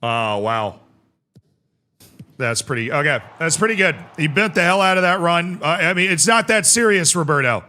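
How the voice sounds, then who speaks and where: A male streamer talks his chat through a football management match with quick, excitable reactions and jokes. His voice is bright and forceful and sits a little high for a man. His delivery is animated. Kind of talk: live gameplay commentary.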